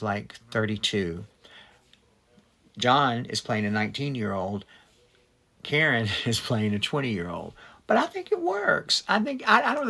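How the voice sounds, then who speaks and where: A man's voice: mid-range voice, bright, forceful tone. A middle-aged man hosting a casual film talk, chatty and gushing, with many ums and restarts. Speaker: host.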